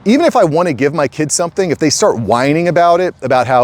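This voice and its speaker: A middle-aged man speaks quickly to his channel's audience, his voice on the high side and animated. He talks casually straight to the camera, emphatic and repetitive, calling viewers "guys."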